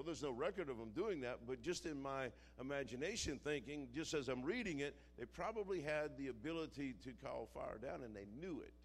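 A man preaching a sermon, moving from quiet storytelling to shouted, dramatic passages. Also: mid-range voice.

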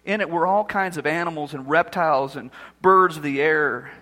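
A man's voice: on the high side, moderate pace, sharp tone, in a large hall. A man preaching a sermon as pastor, acting out the quoted voices as he speaks.

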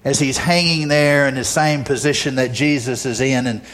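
A man's voice: mid-range voice, fairly even intonation, normal speed, a bit bright. A male pastor preaching a sermon, emphatic and repetitive, often asking the audience rhetorical questions.

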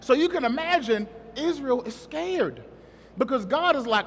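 Brief: a chatty male preacher who jokes with his church, pitched very high, echoing through a large sanctuary. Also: lively intonation, a little slow, fairly bright tone. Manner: conversational, joking, asks the congregation questions. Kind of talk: sermon.

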